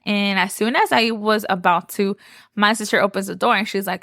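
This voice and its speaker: A woman's voice: mid-range voice, fairly even intonation, moderate pace, a bit bright, no echo. Chatty young woman, lilt. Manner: chatty, gushing, says "like" often. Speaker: podcast host. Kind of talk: casual storytelling.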